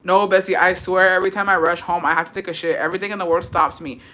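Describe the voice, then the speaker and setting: A woman's voice: fairly low pitch, fast. A woman livestreaming and reading viewer comments, telling stories in casual chat. She is brash and swears a lot, and she switches between English and Spanish. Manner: brash, profane, animated storytelling.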